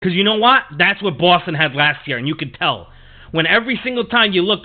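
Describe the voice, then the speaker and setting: Heated and swearing constantly, a male sports podcast host rants over and over in a solo monologue. His high voice moves with lively intonation at a brisk clip. The recording comes through tinny, as if over a phone.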